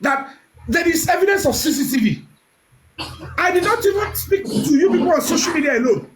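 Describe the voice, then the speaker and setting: A woman's voice: extremely high pitch, animated, fairly quick, a little hiss or hum, rough recording. A woman speaking as a live stream guest, defending herself indignantly. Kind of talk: heated live stream statement.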